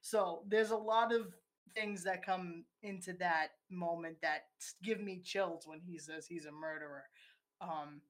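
A woman's voice: fairly low pitch, steady tone, measured pace. A woman in casual conversation, walking through a film scene step by step and acting out its quoted lines.

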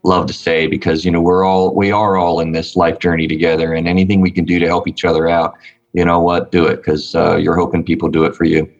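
A man's voice: sits low, level tone, quick pace, highs cut off. A man from Virginia, a therapist chatting easily as a podcast guest. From West Virginia. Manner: easygoing, laughs at himself. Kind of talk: casual chat.

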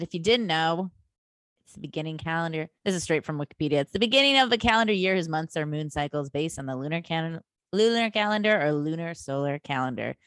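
Low-voiced woman, casual chatty co-host. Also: fairly bright tone, smooth, no echo, studio quality. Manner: swears casually, playful and chatty. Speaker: podcast co-host. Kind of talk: casual chat.

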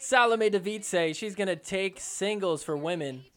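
A man hosting a podcast, recapping match highlights in a joking, excitable commentary style. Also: measured pace, clean tone. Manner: excitable, joking, mimics players in quotes.

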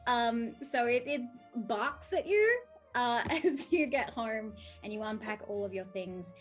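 A woman's voice: a little high, animated, a little slow. Woman game master, giggly, narrating tabletop game, faint background music. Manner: giggly, breaks into laughs.

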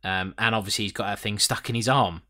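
A man's voice: fairly low pitch, steady tone, fast, sharp tone. A man hosting a casual podcast chat, joking, swearing and often laughing as he recaps an episode. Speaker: podcast host.

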